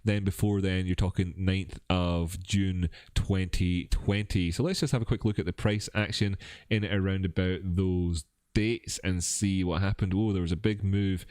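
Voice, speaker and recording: Low-voiced Scottish man, chatty and rambling. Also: fairly even intonation, moderate pace, darkish tone, dry recording, clean studio sound. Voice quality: a bit rough voice. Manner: rambling, self-mocking, chatty asides. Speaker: crypto livestream host. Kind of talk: casual live chart analysis.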